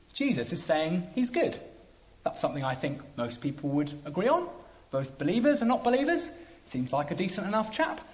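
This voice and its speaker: A man preaching a sermon, emphatic, with dramatic pauses. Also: high voice. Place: church hall. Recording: dull lo-fi sound.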